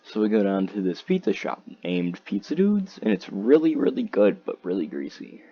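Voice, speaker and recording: A man's voice: on the low side, very animated, moderate pace, breathy edge. A teenage boy telling a rambling, profane story about his school day, full of "like" and "dude". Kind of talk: casual storytime. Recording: slightly dull lo-fi audio, faint noise.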